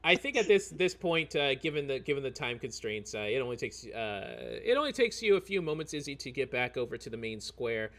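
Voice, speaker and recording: A man's voice: medium pitch, sing-song, a little fast, hardly any pauses, a bit bright. A man narrating as game master of a tabletop game, rambling with many fillers.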